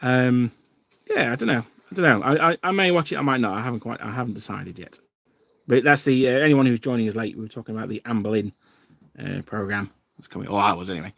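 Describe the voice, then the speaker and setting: A man's voice: mid-range voice, fast, gravelly, fairly bright tone, no echo. Rambling man, dry sound. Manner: rambling, with many fillers and restarts. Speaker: wargaming channel host. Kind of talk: casual livestream chat.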